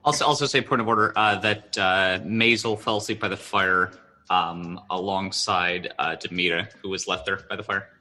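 A man's voice: deep voice, fairly even intonation, normal speed, pushed and bright, faint music behind. A man playing a tabletop game, interjecting hesitantly with many fillers. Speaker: player.

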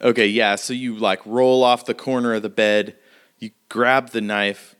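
A man acts as game master for a tabletop game, narrating combat in a casual, vivid way with plenty of fillers. His voice is smooth and clear and sits fairly low. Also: steady tone, measured pace, fairly bright tone.

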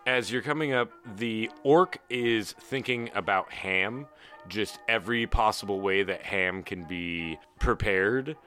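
A man's voice: lowish voice, a little slow, fairly bright tone, faint music behind. A man narrating a tabletop game as game master, in a casual, easily amused way.

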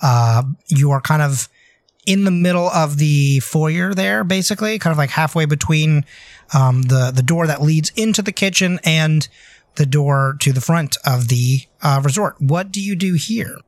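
A man's voice: a little high, unhurried, no room sound. A man running a tabletop game as game master, narrating loosely with many hesitant fillers.

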